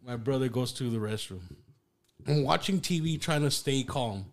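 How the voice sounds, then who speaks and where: A man guest telling a wild personal story in a podcast studio, swearing freely and talking in a loose, animated way. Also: medium pitch, moderate pace. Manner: profane, animated anecdote with lots of "like". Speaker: guest musician. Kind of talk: casual storytelling.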